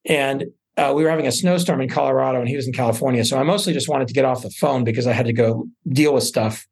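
Gravelly, husky-voiced man telling stories. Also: medium pitch, fast talker. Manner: relaxed storytelling with fillers and restarts. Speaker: guest, venture investor. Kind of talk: casual interview talk.

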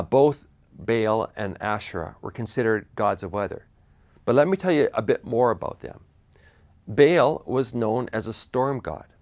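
Lively low-voiced male preacher. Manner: animated storytelling with repeated restarts and chuckles. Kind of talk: sermon retelling a Bible story.

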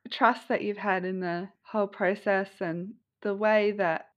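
A woman hosting a podcast, reacting to a guest's story in a gushing, warmly affirming way. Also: mid-range voice, steady tone, a little slow, highs cut off. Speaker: podcast host. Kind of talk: casual interview chat.

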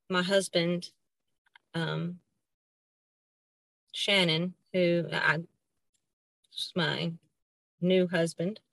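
A middle-aged woman with a Southern accent, a podcast guest telling a personal story in a halting way, with many fillers and restarts, acting out the dialogue she quotes. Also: on the low side, a bit bright, no room sound.

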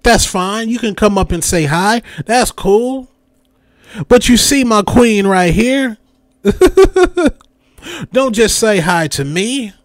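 Young guy going off on a podcast rant, kinda high voice, dry close sound. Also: slow, pauses often, no echo. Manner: animated, repeats catchphrases, mimics voices. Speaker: podcast host.

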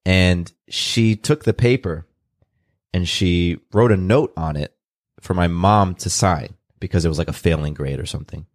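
A man from California talking openly and earnestly in an interview, unhurried, often restarting his sentences. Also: low voice, no room sound, studio quality. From California, USA. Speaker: guest. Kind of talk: reflective personal storytelling.

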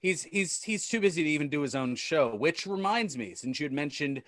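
A man chats casually on a call, dropping dry jokes about wrestling. His voice sits a bit high, recorded close with no room sound. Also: expressive, brisk, a bit bright, no echo. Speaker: wrestling radio host. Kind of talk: casual chat.

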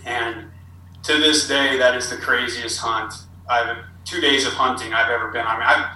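A man's voice: medium pitch, steady tone, normal speed, bright, forceful tone, a little hiss or hum. A man telling a long, rambling hunting story as a podcast guest. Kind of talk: casual storytelling. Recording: roomy, distant with faint ambience.

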